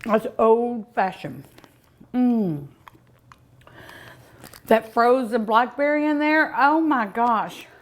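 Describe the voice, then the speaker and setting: Slow, folksy woman savoring her food. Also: on the high side, expressive. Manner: savoring, lots of drawn-out mms and ohs; folksy, chatty. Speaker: cooking show host. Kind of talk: casual cooking show tasting. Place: outdoors at home by the pool.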